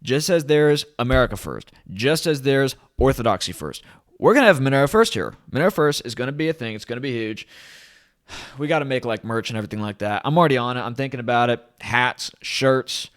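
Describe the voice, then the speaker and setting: A man's voice: medium pitch, expressive, fairly quick. A man hosting his own channel, talking to camera in a rambling, enthusiastic way. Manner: rambling, enthusiastic, hype-driven. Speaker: crypto channel host. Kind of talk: casual to-camera vlog. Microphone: camera at desk.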